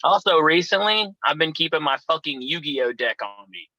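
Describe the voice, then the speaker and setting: A man's voice: a little high, animated, moderate pace, pushed and bright, no echo, low-quality recording. A young adult man, a wrestler guest, telling profane, rambling stories and acting out the people in them. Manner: swears constantly, rambling tangents, acts out quoted voices. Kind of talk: profane storytelling chat.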